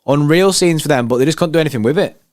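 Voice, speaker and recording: A man's voice: a little high, quick pace, dry recording. Brief: male fan-channel host, hyped slangy watchalong banter, resonant voice, dry close sound. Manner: excitable, slangy, banter with chat. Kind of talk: live match watchalong commentary.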